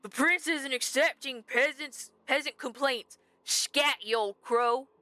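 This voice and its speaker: A woman's voice: sits high, takes it slowly, sharp tone, no echo, pitched above the performer's own voice, heavily acted. A woman voicing a rude male castle guard in a game, talking in a blunt, dismissive, stumbling way.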